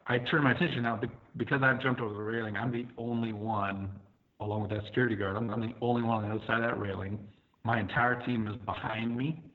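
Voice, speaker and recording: A man telling a personal story in a conversational way, with fillers, acting out his own thoughts. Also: lowish voice. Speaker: podcast guest, firefighter telling his story. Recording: tinny phone-like line.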